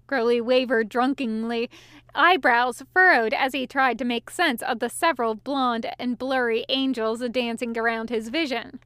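Woman, fan fiction reading, high pitch, dry close sound, expressive storytelling. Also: moderate pace, clear, resonant tone, no echo. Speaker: reader.

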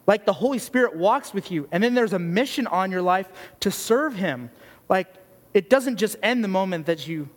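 A youth pastor delivers a sermon in a plain, earnest, casual way, speaking straight to young listeners. His voice sits high for a man. A long echo trails each phrase in the large hall. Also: expressive, moderate pace. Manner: blunt, earnest and conversational, with many "like"s. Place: church youth gathering hall.

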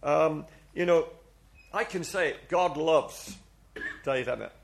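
Speaking slowly in a fairly high, creaky voice, this man delivers an earnest, confessional sermon before a church congregation. He often begins his words again and guides the congregation through call-and-response.

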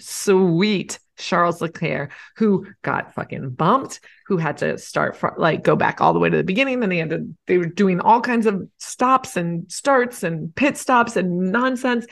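A woman co-hosting a casual podcast chat at home, gushing and animated, swearing freely and jumping into squeaky indignation. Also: vocal fry. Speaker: podcast co-host. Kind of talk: casual chat about motor racing. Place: home, with a snoring dog nearby.

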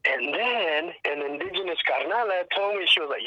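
A man on a podcast, telling animated stories in profane street slang and acting out what people said. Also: a little high, a little fast, low-quality recording. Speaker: activist guest. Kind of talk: casual podcast storytelling.

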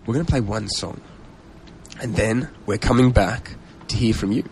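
A man's voice: lowish voice, normal speed, a little mellow, a little hiss or hum. A man hosting a casual radio show, telling stories chattily and laughing often. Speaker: radio host.

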